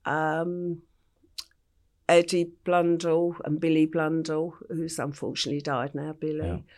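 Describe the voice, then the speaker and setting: A woman's voice: sits low, little pitch movement, measured pace, darkish tone. An older English woman, an interview guest, telling her story vividly and acting out the voices she quotes. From England.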